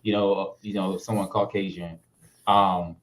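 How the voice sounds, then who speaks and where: A man, a guest actor telling stories in a casual interview, relaxed and full of fillers. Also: low voice, moderate pace, rough recording. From Harlem, New York. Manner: laid-back, full of fillers, lively when retelling.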